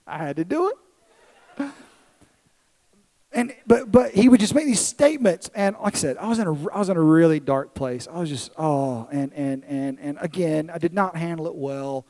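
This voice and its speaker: A man in his thirties preaching a sermon in a church service, telling a personal story that swings from excited to hushed and tender. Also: fairly high pitch, normal speed, low-quality recording. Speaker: pastor.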